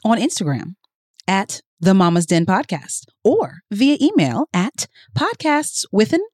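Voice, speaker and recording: A woman hosting a podcast in a casual chat, playful and animated. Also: mid-range voice, a little slow, no echo, clean studio sound. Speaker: podcast host, mother of three.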